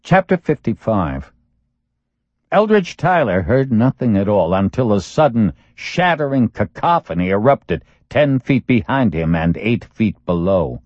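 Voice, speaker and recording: A man reading a thriller audiobook in a steady, measured storytelling voice. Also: mid-range voice, no echo. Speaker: audiobook narrator. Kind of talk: scripted thriller narration. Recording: dull lo-fi dry recording.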